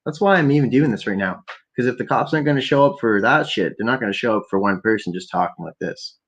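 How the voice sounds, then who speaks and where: A man's voice: medium pitch, lively intonation, quick pace. A man hosting a rambling late-night solo podcast at home on a laptop, swearing constantly and talking while stoned. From Canada. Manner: profane, rambling, stoned, ranting. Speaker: podcast host. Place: home at night, keeping quiet for neighbors.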